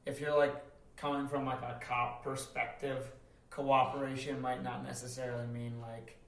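A man's voice: medium pitch, level tone, normal speed, recorded from a distance. A man co-hosting a podcast in casual chat, joking and rambling with frequent trailing-off. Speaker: podcast co-host. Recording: roomy echo from away from the mic.

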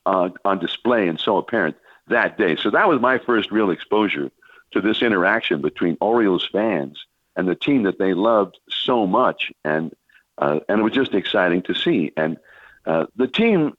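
A man's voice: low-pitched, lively intonation, moderate pace, no echo, muffled recording. An older man, a veteran baseball broadcaster, telling long rambling stories on a sports talk radio show. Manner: rambling anecdotal storytelling with many restarts and fillers.

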